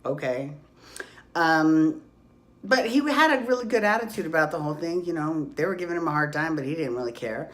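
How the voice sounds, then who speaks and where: Woman in her 40s dishing on reality tv, swears a lot, lowish voice, phone mic. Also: fairly quick. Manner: gossipy, profane, excitable. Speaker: podcast host. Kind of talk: casual reality TV recap. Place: hot room at home.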